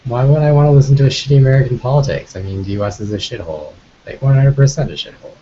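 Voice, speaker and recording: A man from Canada chatting casually with sarcastic, deadpan remarks. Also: medium pitch, rapid-fire. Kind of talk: casual chat. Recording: dull lo-fi sound with faint noise.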